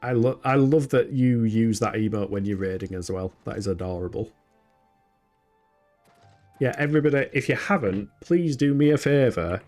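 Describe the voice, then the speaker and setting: His voice is medium in pitch, expressive and a little mellow, moving at a moderate pace over soft background music. He's a man from the UK with a northern English accent, casually commentating on a game he's streaming, chatty, self-mocking and laughing frequently.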